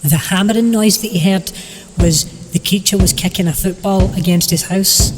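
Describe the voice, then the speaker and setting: A man telling a rambling comic story in a deadpan, meandering way. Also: high-pitched, normal speed, big-room sound, slight background noise.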